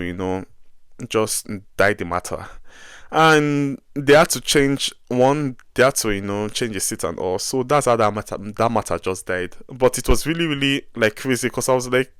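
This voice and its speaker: A young man with a Nigerian accent, telling a travel story in a casual vlog, animated and exasperated, with many asides. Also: medium pitch, smooth, dry recording, clean studio sound. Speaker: vlogger.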